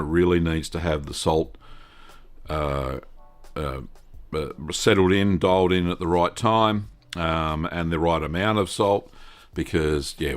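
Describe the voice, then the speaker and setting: An Australian man hosting a live-stream Q&A, talking in a rambling, casual way full of fillers and greeting viewers by name. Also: low voice.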